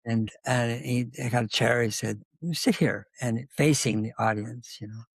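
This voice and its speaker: A man's voice: medium pitch, normal speed, gravelly, husky, dry recording. An older man telling a long, rambling story as a guest in an interview, with many asides. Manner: rambling anecdotal storytelling, animated.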